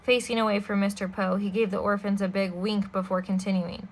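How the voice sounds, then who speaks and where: A woman reading a children's novel aloud in a steady, expressive way. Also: medium pitch, brisk, hardly any pauses. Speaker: storybook reader.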